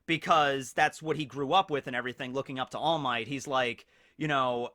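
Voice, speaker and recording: A man's voice: medium pitch, fairly even intonation, fairly quick, pushed and bright. A man hosting a casual anime review, talking energetically and chuckling between his points.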